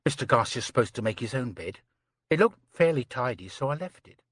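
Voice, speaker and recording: Gossipy young maid girl, prim and breathless, lots of sirs, husky lively voice man doing her. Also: mid-range voice, a little fast, dry recording, studio quality. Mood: flustered. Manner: breathless run-on chatter, many "sir"s. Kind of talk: audiobook character reading.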